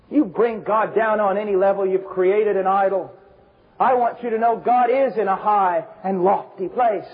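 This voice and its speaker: A man preaching a fervent sermon, swinging between shouted emphasis and low, intense passages. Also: steady tone, moderate pace, breathy edge. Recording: dull lo-fi recording.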